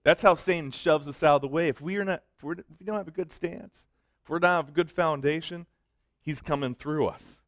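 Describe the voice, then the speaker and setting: A man's voice: a little high, brisk, no echo, studio quality. A middle-aged man preaching a sermon as a youth pastor, mixing emphatic points with self-joking stories. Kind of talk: sermon with storytelling.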